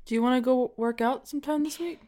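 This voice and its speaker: A woman playing her character in a tabletop game, speaking earnestly and haltingly. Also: sits high, steady tone, dark tone. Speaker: player. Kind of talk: in-character tabletop role-play.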